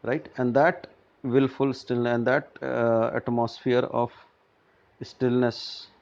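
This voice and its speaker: A man's voice: medium pitch, level tone, slow, gravelly, a little mellow. A male teacher explaining a play line by line in plain words, often checking in with "right?". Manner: paraphrases each line, keeps asking "right?". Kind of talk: line-by-line literature lesson. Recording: dull lo-fi recording.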